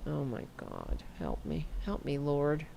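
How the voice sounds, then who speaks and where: Profane, sarcastic woman host, lively pitch. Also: slow pace, gravelly, a little hiss or hum. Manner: profane, sarcastic, animated ranting. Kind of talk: political commentary stream.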